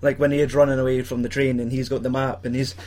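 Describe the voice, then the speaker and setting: Young scottish guy talking movies, laughs a lot, swears, middling pitch. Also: flat delivery, fast, a little mellow. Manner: sweary, laughs often, acts out scenes. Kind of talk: casual film chat.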